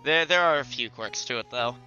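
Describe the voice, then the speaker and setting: A man's voice: medium pitch, fairly quick, pushed and bright, lo-fi sound, soft background music. A man from the American Midwest with a Midwestern accent, chatting casually about a game as a streamer. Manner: chatty, self-amused. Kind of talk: casual let's play commentary.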